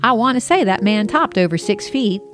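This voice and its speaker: A woman's voice: medium pitch, animated, moderate pace, fairly bright tone, soft background music, voice pushed up, close to an everyday voice. A woman reading as a helpful older man at a firehouse who talks in a folksy, offhand way.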